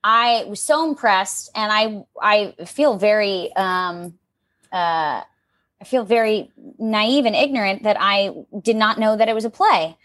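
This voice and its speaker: A young adult woman, a voice actor, chatting in an interview and telling stories in an expressive, animated way with lively quoted asides. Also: mid-range voice, measured pace. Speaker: voice actor guest. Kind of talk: casual interview chat.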